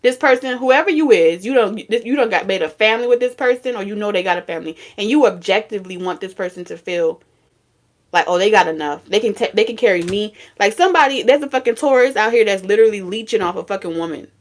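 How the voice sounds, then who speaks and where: A woman reads tarot cards in a vlog. Her talk is blunt and profane, scolding and full of repeated punchy phrases, in a voice of middling pitch. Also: lively intonation, fast talker. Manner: blunt, profane, scolding street talk with sudden laughs and singing. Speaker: tarot reader.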